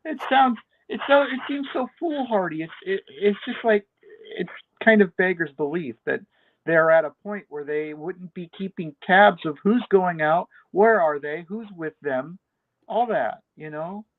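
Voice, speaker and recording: A man talking through a TV episode with his co-host over a thin, phone-like line. The sound is dry and close, and he is relaxed, repeating words as he restarts sentences and breaking into laughs. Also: high-pitched, unhurried, no echo. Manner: laid-back, stammering restarts, laughs often. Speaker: podcast co-host. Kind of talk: casual TV review chat. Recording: dry tinny call audio.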